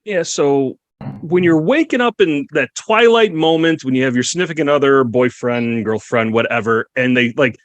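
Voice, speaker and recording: A man's voice: medium pitch, moderate pace, no echo. A man appearing as a guest on a podcast roundtable, asking a rambling casual question.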